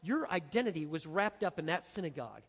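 A man's voice: fairly high pitch, big pitch swings, fast, creaky, breathy edge, big-room sound. A man preaching an expository sermon in an emphatic, dramatic way. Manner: emphatic, dramatic, acts out the quotes. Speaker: pastor.

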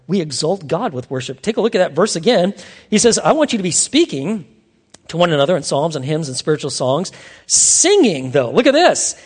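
A man with a high voice preaches a sermon in a hall with a long, ringing echo. He tells stories with lively swings from loud bursts to hushed, earnest asides. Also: husky. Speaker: pastor.

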